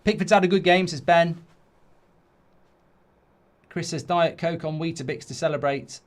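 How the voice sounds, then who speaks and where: A man's voice: fairly high pitch, unhurried. A man hosting a live football watchalong, reacting in frustration, swearing and reading out viewer comments. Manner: exasperated, swearing, ranting at the game; reads viewer comments aloud. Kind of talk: live match reaction chat.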